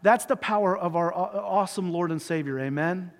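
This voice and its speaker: A male pastor, high-voiced for a man and a little fast, tells a sermon story earnestly and emotively with shifting pace, then offers a heartfelt prayer. The long reverb of a church sanctuary surrounds him, with slight background noise.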